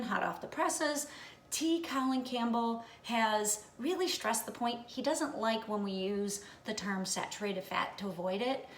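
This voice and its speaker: Woman, diet challenge host, casual instructional vlog, chatty, says "okay?" a lot, slightly high voice, echoey kitchen, distant mic. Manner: chatty, keeps checking in with "okay?"; homey, self-deprecating humor. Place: home kitchen. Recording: echoey room, voice far from mic, faint room noise.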